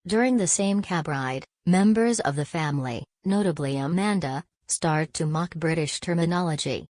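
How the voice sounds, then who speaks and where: A woman giving a scripted gossip recap in a steady, even read. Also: deep voice, normal speed, no room sound. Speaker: celebrity gossip narrator. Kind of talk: scripted narration.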